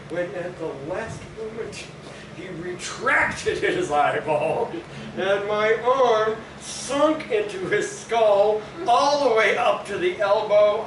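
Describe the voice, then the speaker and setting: An actor playing Faust, a weary, volatile scholar who swings from hushed brooding to shouting outbursts in a live stage monologue. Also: male voice, high voice. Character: weary, volatile male scholar, driven and bitter. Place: small live performance venue. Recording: roomy, distant mic, ambient noise.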